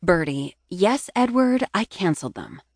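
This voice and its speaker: A man's voice: sits high, wildly swooping pitch, unhurried, creaky, no room sound, clean studio sound, pitched above the performer's own voice, heavily acted. A man voicing an exasperated, teasing young woman friend in an audiobook. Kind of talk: audiobook narration.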